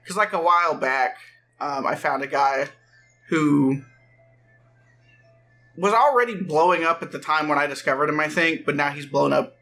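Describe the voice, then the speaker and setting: A man in a casual let's play chat, with a bright, pointed tone and a voice set a bit high. He rambles and corrects himself mid-thought and slips in dry jokes. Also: moderate pace, pauses often, faint music behind.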